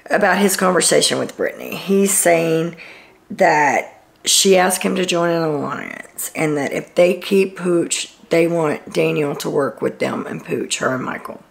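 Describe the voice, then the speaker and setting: A Texan woman hosts her own reality TV recap and gives blunt, exasperated opinions. Her voice sits a little low and carries a gravelly fry. She talks in a casual, chatty way. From Texas, USA. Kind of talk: casual commentary.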